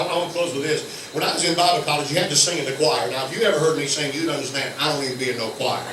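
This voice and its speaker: An older man with a Southern American accent preaching a sermon, telling folksy stories that swing from hushed low tones to loud shouts. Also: noisy background. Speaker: guest preacher. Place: church sanctuary. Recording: echoey church from far off.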